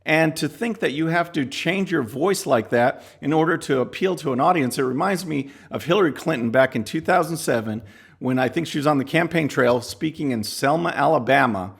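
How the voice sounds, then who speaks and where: A man's voice: fairly high pitch, expressive, fairly quick, creaky, slightly rough. Guy hosting his own commentary show, casual and kinda scoffing. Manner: chatty, scornful asides. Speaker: podcast host.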